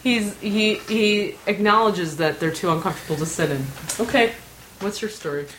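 A woman's voice: mid-range voice, moderate pace, fairly bright tone, rough recording. A woman chatting casually, hesitant and full of fillers. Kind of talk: casual storytelling chat. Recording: faint hiss.

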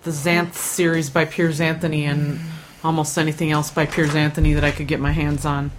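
A woman's voice: deep voice, flat delivery, a little fast, background noise. A woman co-hosting a podcast in casual chat, laid-back and dryly dismissive in banter. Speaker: podcast co-host.

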